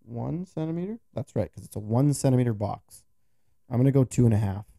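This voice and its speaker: Mellow-voiced man joking through a craft project. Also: mid-range voice, animated, fairly quick, creaky, no echo, studio quality. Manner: joking, self-mocking banter. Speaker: co-host. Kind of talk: casual chat while doing a craft project.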